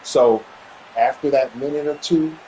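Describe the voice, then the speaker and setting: A man casually telling a personal story, animated and repeating himself as he acts out what was said. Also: measured pace, slight background noise, poor audio. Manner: animated, acts out quoted dialogue with pitch jumps; repetitive, stumbling restarts. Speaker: vlogger sharing a family update.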